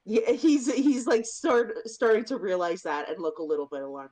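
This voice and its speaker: A woman's voice: medium pitch, normal speed, a little mellow. A woman playing in a tabletop role-playing game, talking in a hesitant way full of fillers and restarts. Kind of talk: casual tabletop role-play.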